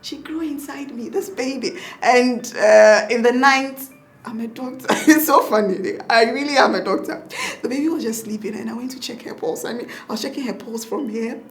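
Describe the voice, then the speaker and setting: A Ghanaian-accented woman, who is both a doctor and a mother, recounts her birth story during a relaxed interview. Her voice sits a little high and moves briskly, and she laughs as she acts out the things she said back then.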